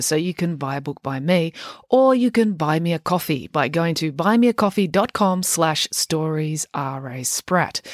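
A woman reads her children's book aloud in a calm, measured bedtime-story manner. Her voice is on the lower side and sits close and dry, with no room sound. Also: no echo.

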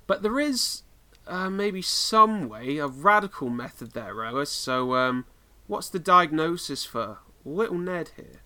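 Male British podcast co-host, casual, giggly, rambling, voice a touch higher than most. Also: expressive, measured pace, hardly any pauses, sharp tone. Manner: rambling, full of fillers and laughter. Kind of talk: casual chat.

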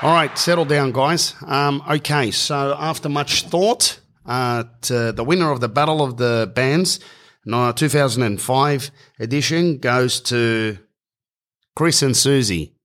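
A man's voice: mid-range voice, measured pace, a bit bright, natural voice. A man putting on the voice of a brusque middle-aged male gig organiser, curt and dismissive. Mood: announcing.

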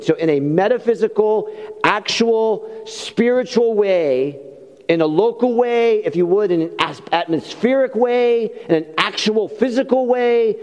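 A man's voice: high-pitched, warm tone. A middle-aged man preaching a sermon, telling a funny story about himself and laughing at his own mishaps. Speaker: pastor. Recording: long hall reverb.

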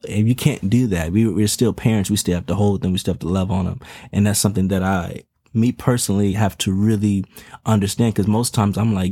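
A man with a low, husky voice talks frankly about his life as a parent. He is earnest and slangy, often repeating words as he goes. The sound is close and dry, with no room around it. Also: steady tone, a little fast, warm tone, no echo. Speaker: father of twin toddlers. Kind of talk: candid casual monologue. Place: home in Texas.

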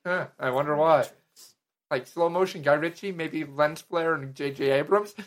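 A man's voice: on the high side, normal speed. Rambling man in a loose movie chat. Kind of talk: casual movie review chat.

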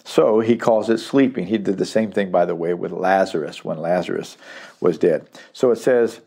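A man's voice: low voice, moderate pace, vocal fry, mellow, breathy edge. A middle-aged man teaching through a Bible passage verse by verse, emphatic and repeating key phrases for stress.

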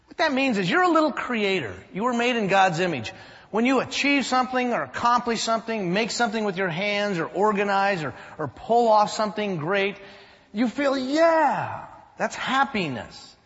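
Lively pastor preaching in a church; high, swooping voice, dull recording with long hall reverb. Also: male voice. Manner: animated, storytelling, emphatic. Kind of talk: sermon.

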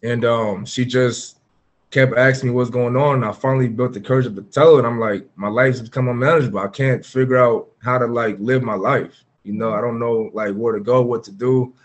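A man's voice: medium pitch, fairly even intonation, fairly quick, highs cut off. Earnest man telling his own story. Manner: earnest and open, filler-heavy speech. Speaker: podcast guest, former pro football player. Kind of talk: candid personal storytelling in a conversation.

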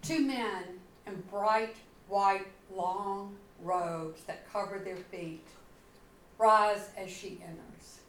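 Woman, pastor, sermon, dramatic storytelling, very slow delivery, echoey church room. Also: mid-range voice, a little hiss or hum. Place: church sanctuary.

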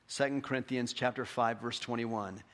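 A male pastor preaching a sermon, building to fervent emphatic peaks and then dropping soft and slow for scripture. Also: mid-range voice, steady tone.

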